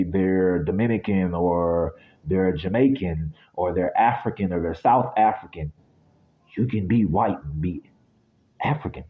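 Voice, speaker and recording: American guy doing a reading, low voice, blunt and sweary, kinda muffled audio. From United States. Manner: blunt, ranting, swears freely. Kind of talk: casual spiritual reading monologue.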